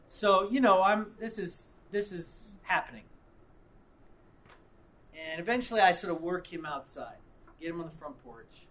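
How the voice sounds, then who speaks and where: A man preaching, mixing reflection with an animated story in which he acts out the people involved. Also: high-pitched, normal speed, pauses often. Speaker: pastor. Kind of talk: sermon with storytelling.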